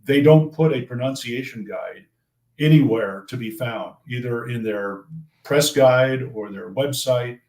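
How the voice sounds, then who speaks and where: Older broadcaster, measured and roomy. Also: male voice, medium pitch, darkish tone. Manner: measured, thoughtful, restarts phrases. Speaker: play-by-play broadcaster. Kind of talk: casual interview answers. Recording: roomy echo.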